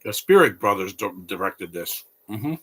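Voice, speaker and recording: A man's voice: fairly low pitch, sing-song, normal speed, sharp tone. A man hosting a casual live movie commentary, rambling and opinionated with blunt asides.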